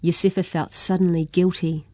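A woman reads a children's storybook aloud in an even, clear way. Her voice is warm and a little low, recorded close and dry. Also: moderate pace, dry recording. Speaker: audiobook narrator. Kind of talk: storybook narration.

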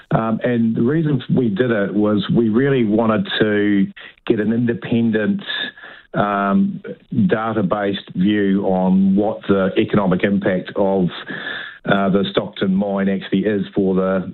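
A man's voice: lowish voice, fairly even intonation. New man on a tinny phone line. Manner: halting, repeats words as he explains. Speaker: regional development chief executive.

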